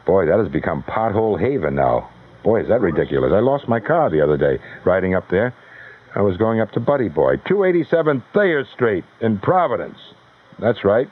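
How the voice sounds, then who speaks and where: A man hosting a live radio call-in contest, brisk and wisecracking as he fields callers one after another. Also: on the low side, sing-song, slightly rough. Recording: tinny, narrowband old radio broadcast.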